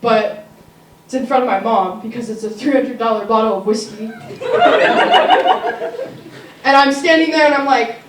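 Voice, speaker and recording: A woman's voice: on the high side, fairly quick, few pauses. A teenage girl telling a funny personal story at a live school story slam, with comic asides to the audience. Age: teens. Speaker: student storyteller. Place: school auditorium. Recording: roomy, distant mic, faint noise.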